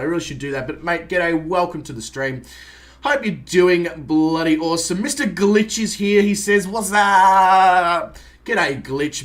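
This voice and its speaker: A man's voice: on the high side, fairly bright tone. An Australian man chatting casually on a live stream, greeting viewers by name and swearing lightly as he sets up a flight sim.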